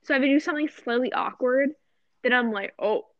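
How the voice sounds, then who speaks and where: A woman's voice: high voice, fairly quick, dry recording. A young woman co-hosting a podcast, chatting casually with lots of filler words, her voice wearing out as she talks. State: voice getting hoarse. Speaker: podcast co-host. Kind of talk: casual chat. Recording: dull lo-fi podcast audio.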